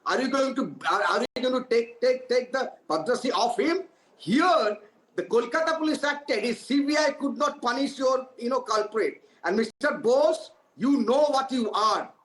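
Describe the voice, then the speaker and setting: A man's voice: very high voice, expressive, moderate pace, fairly bright tone, reverberant, poor audio. A man arguing combatively in a heated TV debate, stumbling and restarting as he accuses his opponents. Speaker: political party spokesperson.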